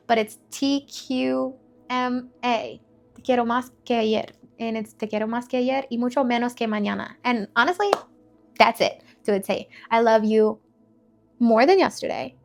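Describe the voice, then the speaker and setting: A young woman shares her personal testimony in a frank, chatty manner, her voice gravelly with fry. She sits a little high in pitch and talks bluntly, peppering her story with filler words. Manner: candid and conversational, many filler words, blunt language. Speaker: faith testimony speaker.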